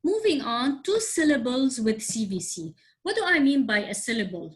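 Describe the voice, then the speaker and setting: A woman's voice: fairly high pitch, sing-song. Woman teaching grammar over a video call. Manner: slow, spelled-out explanations with frequent check-ins. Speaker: English teacher. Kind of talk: online class teaching.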